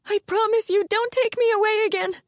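A woman voicing a terrified, crying woman who pleads in a panicked, high, strained voice. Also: fairly even intonation, a little fast, no room sound, studio quality. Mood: pleading. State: crying, hysterical. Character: terrified, sobbing woman cornered in her room.

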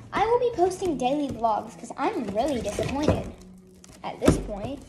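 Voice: high-pitched, very animated, moderate pace. A teenager unboxing an advent calendar in a casual vlog, grumbling and exasperated, rambling asides to viewers. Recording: loud background noise.

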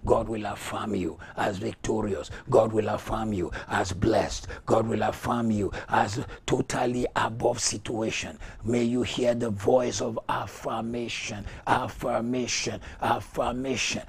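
Gravelly bright-voiced man preaching, chanting declarations over and over, whispers then shouts, faint hiss behind. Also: on the low side, steady tone, unhurried, few pauses. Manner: swings from hushed whispers to loud shouts; rhythmic repeated declarations. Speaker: pastor. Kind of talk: sermon with prayer declarations and tongues.

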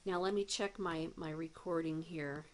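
A woman math teacher explaining a recorded demo lesson step by step, with deliberate pacing and playful asides. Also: low-pitched, steady tone.

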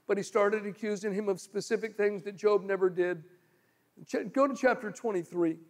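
A male pastor preaching a sermon, telling stories and shifting from loud pleading to low murmurs. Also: normal speed. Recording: long hall reverb.

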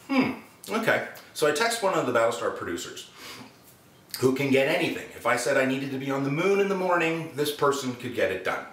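Animated man telling a story. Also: mid-range voice, fairly quick, recorded from a distance. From Canada. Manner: animated, acts out quotes. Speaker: actor. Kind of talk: anecdotal storytelling. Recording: roomy room, speaker set back from mic.

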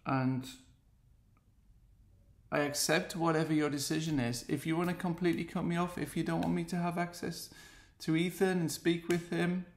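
A man's voice: a little high, level tone, moderate pace, echoey room. An English man with an earnest, heartfelt and pleading manner, speaking straight to the camera in a personal video message.

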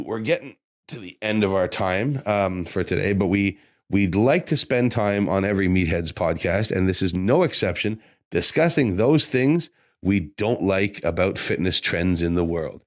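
A man's voice: sits low, dry recording. A man co-hosting a fitness podcast as a trainer, chatting casually and ranting with conviction. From Quebec.

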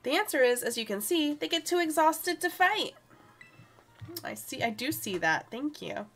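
A woman's voice: sits high, moderate pace, a bit bright. A young woman streaming a video game, giggly and chatty, talking to the characters on screen. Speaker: gaming streamer. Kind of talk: casual let's-play commentary. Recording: faint game music behind.

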